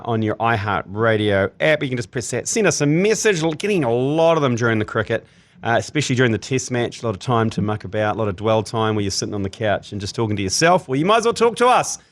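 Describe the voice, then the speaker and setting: A man with a New Zealand accent hosting a sports podcast, telling jokey stories in casual chat. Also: medium pitch. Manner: animated, laughing, jokey storytelling. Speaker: podcast host.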